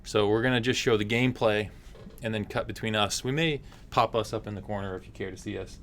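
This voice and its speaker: Chatty low-voiced male stream host. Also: fast talker, fairly bright tone, slight background noise. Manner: chatty, upbeat, lots of fillers. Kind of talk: casual livestream chat.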